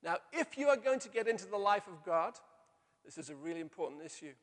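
A middle-aged male pastor preaching a sermon, telling stories and slowing down to stress key phrases. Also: high-pitched, sing-song. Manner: storytelling with slow emphatic pauses. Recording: long hall reverb.

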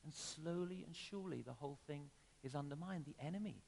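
A man delivering a sermon in a slightly higher voice than most men. He swings between emphatic, raised phrases and quiet asides. The sound rings with the long reverb of a church hall. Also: a little fast, creaky. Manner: conversational with emphatic rises and sudden drops. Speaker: preacher.

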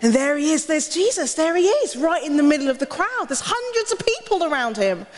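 Animated woman telling children a story. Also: sits high, a little fast, in a large hall. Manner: animated, asks the children questions. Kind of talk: lively children's Bible story.

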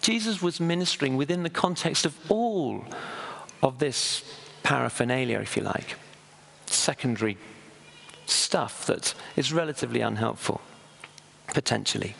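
Gravelly preacher in a hall. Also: male voice, mid-range voice, expressive, normal speed, long pauses, a bit bright, a little hiss or hum. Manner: conversational, storytelling, with hesitations. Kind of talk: sermon. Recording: long echo of a hall.

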